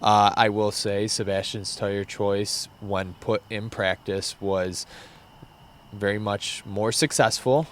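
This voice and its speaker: Halting young man telling a story. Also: on the low side, steady tone, slight background noise. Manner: halting, many restarts. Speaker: podcast guest. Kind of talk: casual storytelling.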